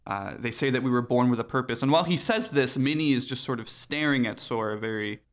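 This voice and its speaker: A man's voice: medium pitch, quick pace. A man co-hosting a podcast, talking casually in a rambling way with frequent laughs. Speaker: podcast co-host. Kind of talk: casual chat.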